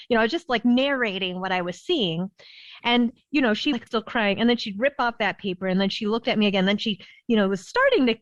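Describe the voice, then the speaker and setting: A woman's voice: medium pitch, quick pace, dry recording. Chatty woman pediatrician, dull dry recording. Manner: lively storyteller, laughs often, many "you know" fillers. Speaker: behavioral pediatrician guest. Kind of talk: podcast interview storytelling.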